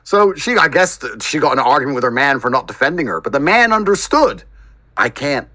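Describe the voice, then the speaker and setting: A man's voice: on the high side, big pitch swings, quick pace, pushed and bright, no room sound. A man as a podcast guest telling stories in casual chat, blunt and emphatic, with occasional swearing.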